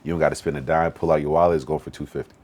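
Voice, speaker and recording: A young man from Western Massachusetts, a podcast guest talking casually and animatedly with plenty of slang. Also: rumbling low. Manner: fast, animated storytelling with slang. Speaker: podcast guest, event organizer.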